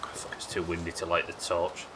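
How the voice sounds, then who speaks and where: A man's voice: deep voice, completely flat delivery, brisk, noisy background. A man from the United Kingdom chatting and joking casually while streaming a survival game, swearing now and then. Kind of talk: casual gameplay commentary.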